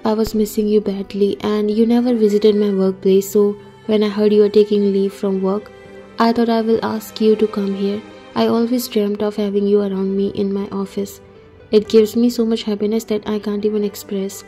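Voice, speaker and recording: A woman's voice: medium pitch, flat delivery, normal speed, faint music behind, natural voice. A woman reading the part of an affectionate young husband who runs a company, in a read-aloud story. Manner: soft, affectionate.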